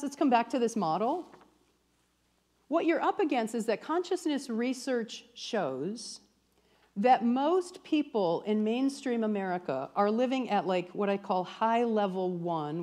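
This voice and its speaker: A woman spiritual teacher leading a church workshop with a live audience. She talks in a lively, chatty way, full of "like" and the odd swear. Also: medium pitch.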